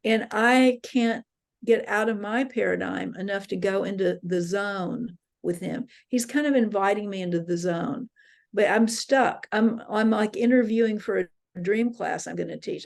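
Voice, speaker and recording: A woman's voice: mid-range voice, moderate pace, gravelly, a little mellow. A woman leading a dream workshop, earnestly retelling dreams and quoting the people in them. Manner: earnest storytelling, quotes voices. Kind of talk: teaching talk with retold dreams. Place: interfaith center workshop.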